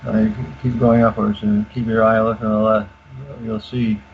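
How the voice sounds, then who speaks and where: An older man explaining in detail as a radio guest, halting with many fillers and restarts. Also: on the low side, little pitch movement, gravelly. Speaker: guest expert. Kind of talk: casual explanation on a call-in radio show. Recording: dull lo-fi call audio with faint hiss.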